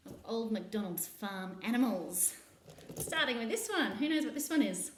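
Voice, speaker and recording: A woman's voice: on the high side, animated, normal speed, a little hiss or hum. A woman hosting a children's playtime session, leading stretches and farm animal sounds in a playful, sing-song way. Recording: roomy echo.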